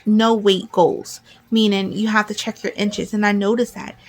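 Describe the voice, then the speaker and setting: Excitable rambling woman vlogger. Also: medium pitch. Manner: excitable, rambling, talks fast and jumbles. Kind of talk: casual chat to camera.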